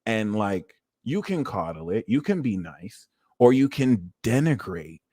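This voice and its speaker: Astrology guy on a livestream, lively swingy voice, swears a lot, dry sound. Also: lowish voice, measured pace, no echo. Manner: animated, emphatic, swears freely. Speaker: astrologer and tarot reader.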